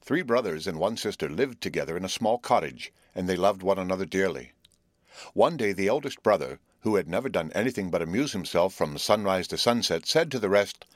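A man reading a fairy tale aloud as scripted narration, measured and even, lifting his voice a little for the characters. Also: no room sound, studio quality. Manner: measured, gently lifts pitch for quoted characters. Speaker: audiobook reader.

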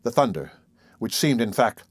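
A man narrating a classic novel in a measured, even way. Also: mid-range voice, breathy edge, no echo, clean studio sound. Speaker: audiobook narrator.

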